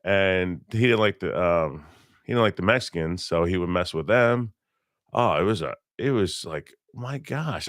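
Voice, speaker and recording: A man's voice: sits low, a bit bright, no echo, clean studio sound. A middle-aged man in a casual interview, telling blunt, rambling stories about his working life and often correcting himself mid-sentence. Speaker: interview guest, electrician. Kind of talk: casual storytelling.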